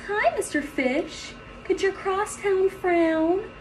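A woman's voice: very high-pitched, animated, slow pace, background noise, full character voice. A woman voicing a friendly, grinning female clam in a storybook read-aloud. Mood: coaxing. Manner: gently coaxing.

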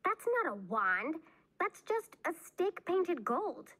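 A woman reading aloud, voicing a spirited, excitable young girl with high, squealing outbursts. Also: takes it slowly, full character voice. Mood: excited.

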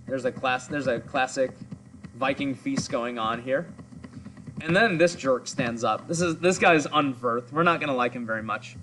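A man's voice: medium pitch, moderate pace, a bit bright, slight background noise, low-quality recording. A man teaching a literature lesson in a casual, explaining way, thinking aloud as he goes. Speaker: English teacher. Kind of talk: recorded class lesson.

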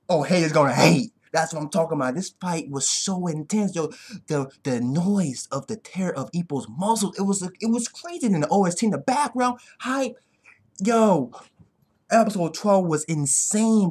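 A man giving an excitable, profane anime fight recap that keeps bursting into yells. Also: on the high side, husky. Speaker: anime reaction vlogger. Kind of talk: hyped casual recap.

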